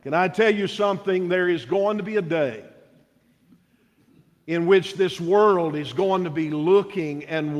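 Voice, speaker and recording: A man preaching a sermon in a church, slow and measured, with dramatic pauses. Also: sits high. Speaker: pastor. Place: church sanctuary. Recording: reverberant church sanctuary.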